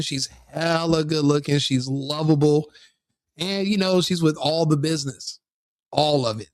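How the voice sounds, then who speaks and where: A podcast host with a slightly high voice talks casually to his audience on his own show, rambling and often restarting or correcting himself. The solo commentary is recorded with clean studio sound and no echo.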